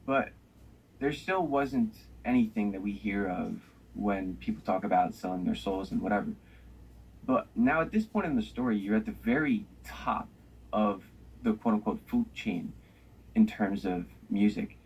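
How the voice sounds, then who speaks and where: A man hosting an interview, summing up the guest's story and asking measured questions. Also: fairly low pitch, a little mellow, slightly rough, lo-fi sound. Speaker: interview host.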